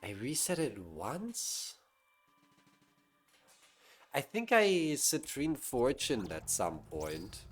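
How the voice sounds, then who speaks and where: A man's voice: medium pitch, huge pitch swings, extremely slow, long pauses, slightly rough, soft background music. A man streaming a game live, thinking aloud and talking to his chat in a casual, musing way. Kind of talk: casual live-stream commentary while gaming.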